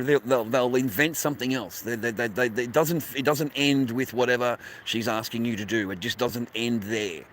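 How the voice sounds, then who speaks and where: A man's voice: fairly high pitch, a bit bright, a little hiss or hum. A man talking casually to his viewers while walking outdoors by a beach, blunt and full of swearing, calling them mate and bro. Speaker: vlogger. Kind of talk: casual walking vlog monologue.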